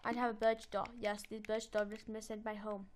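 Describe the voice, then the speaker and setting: A woman's voice: medium pitch, flat delivery, normal speed. A woman giving chatty let's-play commentary, talking to herself as she builds and playfully gloating at the game. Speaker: gameplay channel host.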